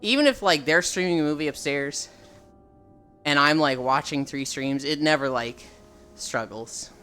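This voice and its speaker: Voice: medium pitch, normal speed, bright, forceful tone, faint music behind. A young adult livestreamer in casual, rambling chat with viewers, swearing freely and answering chat as it comes. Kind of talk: casual live-stream chat.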